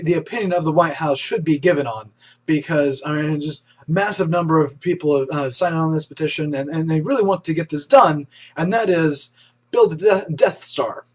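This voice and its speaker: Husky, excitable young male news host. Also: a little high. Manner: chatty and enthusiastic, with frequent restarts and fillers. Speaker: host of an online news show. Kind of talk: casual news roundup.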